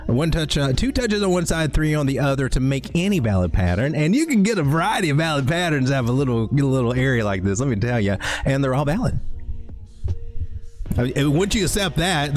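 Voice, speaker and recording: Rambling Southern man ranting on a stream. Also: mid-range voice. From American South. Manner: rambling, joking, animated and swearing. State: cranky and tired from driving. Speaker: crypto stream host. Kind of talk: late-night ranting market livestream.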